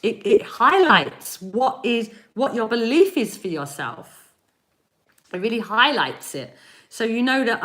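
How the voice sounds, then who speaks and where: Woman, energy healer, live-stream reading, encouraging, lively, sharp tone. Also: a little high, unhurried. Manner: animated and encouraging, laughs often; speaks directly to chat viewers.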